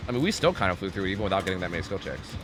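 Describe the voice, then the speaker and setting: A man streaming a game live and chatting with viewers, excitable and profane, swinging between loud pleading and low mumbling. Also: racing, over music. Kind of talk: live gaming commentary with chat.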